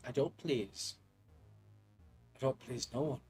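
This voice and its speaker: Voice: medium pitch, slow pace, darkish tone, husky, dry recording, faint music behind. A gamer making casual, self-mocking asides while playing. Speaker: gaming video creator. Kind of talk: casual let's-play commentary.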